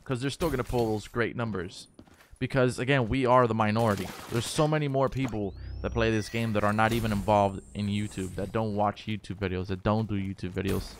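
A man with a fairly low, fairly even voice talks briskly over a slight hiss or hum. He's livestreaming a game, rambling loosely to his viewers and swearing freely as he plays.

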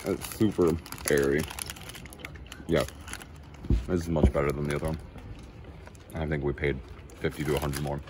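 A man talking casually as a travel vlogger, relaxed and rambling, a little tired, touring cafes and streets. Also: rumbling low, normal speed, pauses often, noisy background. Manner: relaxed, rambling, enthusiastic about food. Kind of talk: casual walk-and-talk vlog. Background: music.

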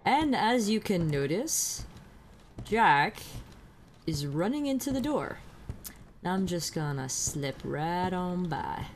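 A woman's voice: fairly low pitch, very animated, slow, long pauses. A woman gaming streamer giving sarcastic, profane commentary while playing a horror game and shrieking at the scares. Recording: noisy home recording.

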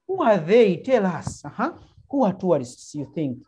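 Mellow-voiced Ugandan woman teacher. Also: mid-range voice, very animated, normal speed, breathy edge. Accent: Ugandan English. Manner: encouraging, prompting with frequent uh-huh and mm-hmm. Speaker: primary school teacher. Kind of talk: online class lesson. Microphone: video call.

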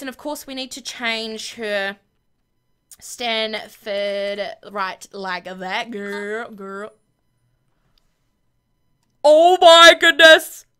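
A woman giving bubbly, excitable commentary while playing a life-simulation game on her channel. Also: fairly high pitch, smooth. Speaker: gaming channel host.

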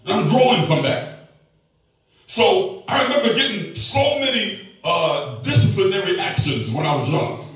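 A middle-aged man preaching a sermon as pastor, animated and joking with the congregation. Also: sits high, unhurried, heavy reverb, far from the mic, soft background music, low-quality recording.

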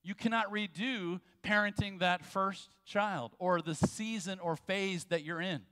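A man preaching a sermon as pastor, telling jokes and stories with quick asides. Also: high voice, steady tone, bright, forceful tone. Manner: jokey storytelling with quick asides. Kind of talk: sermon with humor. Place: church sanctuary. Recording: long church hall reverb.

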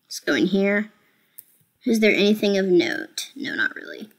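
A woman's voice: mid-range voice, big pitch swings, normal speed. A woman streaming a game, talking casually to viewers in a chatty, self-mocking and playfully dramatic way. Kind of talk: casual gameplay commentary.

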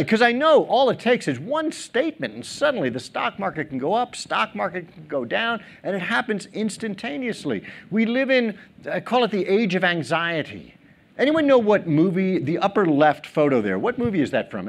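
A middle-aged man giving a keynote speech on a theater stage, telling stories, acting out quotes and joking with the audience. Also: sits high. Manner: animated storyteller, acts out quotes, jokes with audience. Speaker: keynote speaker.

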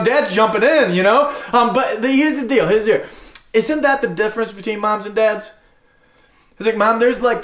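A man's voice: sits high, echoey room. A man preaching a sermon as pastor, talking conversationally, telling stories and repeating his phrases. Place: church sanctuary.

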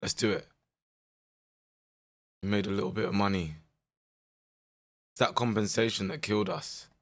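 A young man with a strained voice, giving animated, slangy commentary while playing a management game. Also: on the low side, moderate pace. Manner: animated, exclaiming, slangy banter. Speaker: gaming content creator. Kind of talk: casual gameplay commentary.

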